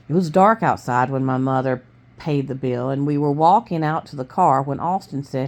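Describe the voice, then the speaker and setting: A woman with a low voice reads a novel aloud. She keeps a steady pace with small stumbles here and there. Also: normal speed. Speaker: reader.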